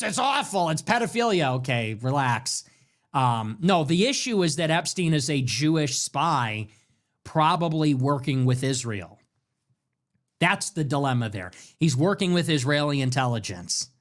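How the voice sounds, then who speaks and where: A man hosts a ranting political talk show in a voice pitched a little high for a man. He is animated and swings between loud bursts and low muttered asides as he rants on. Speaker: show host.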